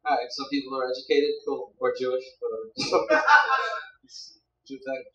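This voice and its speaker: A man's voice: mid-range voice, flat delivery, normal speed, highs cut off. A young man doing stand-up comedy on a club stage, rambling and teasing the crowd on a handheld mic. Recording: roomy club sound from a distance.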